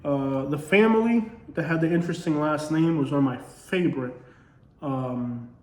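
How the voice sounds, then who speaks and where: A man's voice: fairly high pitch, moderate pace, reverberant. A man with a Southern accent, a comedy creator speaking in a casual commentary monologue, earnest and full of rhetorical questions. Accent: Southern US, Alabama-tinged.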